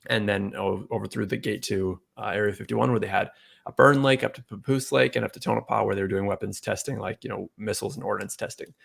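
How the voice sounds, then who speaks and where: A man hosting a casual podcast chat, telling a rambling story and getting animated when he quotes people. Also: lowish voice, quick pace, vocal fry, husky. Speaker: podcast host.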